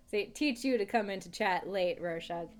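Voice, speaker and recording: A woman livestreaming a game, chatting playfully with her viewers and laughing often. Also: mid-range voice. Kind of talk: casual let's-play chat.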